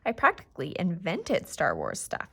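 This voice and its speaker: A woman voicing a patient male ear doctor in an audiobook reading, explaining things gently and reassuringly. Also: fairly low pitch, huge pitch swings, moderate pace, slightly rough, heavily acted.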